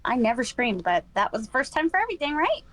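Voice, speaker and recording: A woman who streams, answering interview questions in a relaxed way and laughing easily. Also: high-pitched, fast, no room sound, rough recording. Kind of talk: casual online interview.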